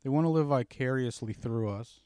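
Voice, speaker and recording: Man, swearing, teasing storyteller; middle pitch, dry close mic. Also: normal speed, dark tone, clear, resonant tone, no echo. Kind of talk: casual podcast chat.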